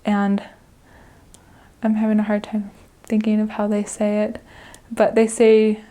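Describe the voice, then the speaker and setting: A young woman talks about her time as a missionary in an interview. Her voice sits at an everyday middle pitch, and her delivery is earnest but casual. She laughs often as she speaks. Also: monotone, a little slow, mellow. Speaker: returned missionary. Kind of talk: interview reflection.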